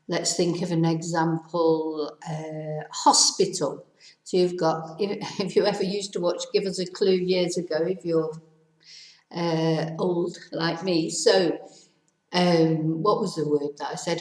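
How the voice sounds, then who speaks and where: A woman's voice: fairly low pitch, steady tone, slow pace. A middle-aged woman teaching in a casual, chatty way, explaining step by step with a self-deprecating aside now and then. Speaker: Spanish teacher. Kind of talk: casual spoken lesson. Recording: echoey room.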